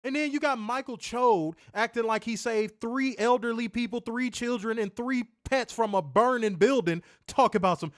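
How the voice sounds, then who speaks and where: A man's voice: extremely high pitch, moderate pace, hardly any pauses, no room sound, studio quality. A man co-hosting a wrestling review show, ranting in an exasperated, profane, mocking way. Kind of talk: ranting casual review chat.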